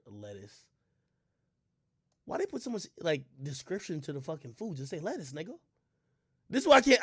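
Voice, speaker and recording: A man streaming casual commentary, reading a menu aloud and ranting in loud, profane disbelief. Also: on the high side, dry recording, clean studio sound.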